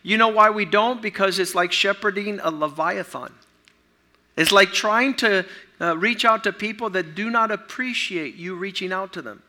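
A middle-aged man preaching a sermon as pastor, energetic and urging his congregation. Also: high-pitched, normal speed.

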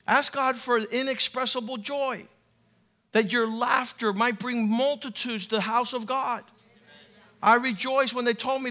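A man pastor delivers an emphatic sermon, spiked with humor. His voice sits high and sounds bright and forceful, pushing each point home. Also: moderate pace. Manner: emphatic, humorous preaching with acted quotes.

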